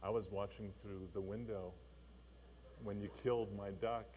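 A man voicing a kind, forgiving old grandmother who speaks gently and softly. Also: fairly low pitch, level tone, normal speed, slight background noise, pitched below the performer's own voice, lightly acted. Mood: tender. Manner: gentle, soft-spoken. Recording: long church reverb.

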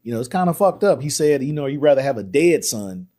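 A man hosting a podcast, excitedly retelling a film's scenes in casual talk, acting out the lines. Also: medium pitch, fast. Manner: excited retelling with acted quotes, laughs often. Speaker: podcast host. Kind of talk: casual film discussion.

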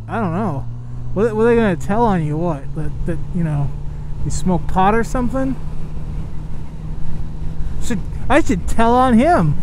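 A high-pitched man riding a motorcycle down the highway, swearing freely and ranting to his viewers in excitable commentary. His voice comes through a helmet mic over loud rushing wind and traffic noise. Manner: profane, excitable, talks to the viewers. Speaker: motovlogger.

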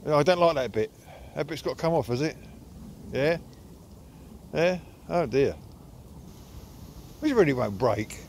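A man's voice: on the high side, expressive, unhurried, gravelly, long pauses, darkish tone, slight background noise. Sing-song man chatting to his dogs. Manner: chatty, teasing, sing-song talk to pets. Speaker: dog owner filming a walk. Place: outdoors by water in the countryside. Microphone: phone held while walking.

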